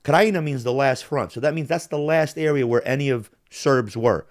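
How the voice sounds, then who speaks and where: A man's voice: medium pitch, brisk, no echo, studio quality. A man ranting on a casual podcast, heated and profane, mimicking accents to make his point. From Balkans. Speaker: podcast host.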